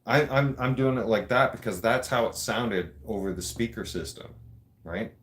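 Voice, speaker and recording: A man with a low voice telling a story on his show in a loose, casual way. He is blunt and streetwise, swears in nearly every sentence, and talks straight at his listeners. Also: normal speed. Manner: swears constantly and addresses listeners directly.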